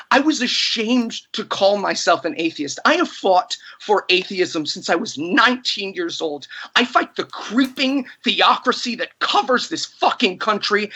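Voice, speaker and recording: Male podcast host in a heated debate, impassioned, bright and slightly husky. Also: high-pitched, lively intonation, unhurried. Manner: impassioned, emotional, indignant.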